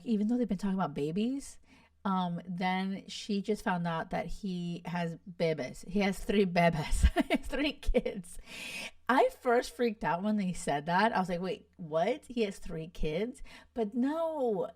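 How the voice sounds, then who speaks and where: On a casual podcast chat, a young woman from Miami raves about a reality show, full of "like" and "you guys." Her mid-range voice has a darkish tone, and the dry, studio-quality recording was made from a distance.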